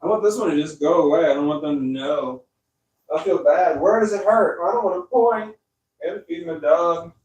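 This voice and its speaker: A young man rambling slowly on a live stream from his sofa, tired and a little slurred, laughing often. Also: fairly high pitch, darkish tone. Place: dark room on a sofa at home. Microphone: clip-on microphone.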